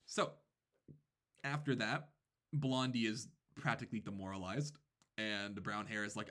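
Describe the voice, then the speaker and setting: A man with a lowish voice tells a casual story about his classroom. He narrates in an animated way, with quick asides and playful imitations of the kids. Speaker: teacher telling a classroom story.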